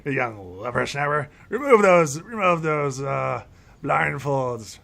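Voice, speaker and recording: A man voicing a loud, cranky old male elf elder who yells and scolds. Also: medium pitch, big pitch swings, takes it slowly, creaky, voice pushed up, heavily acted. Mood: mocking. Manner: yelling, scolding.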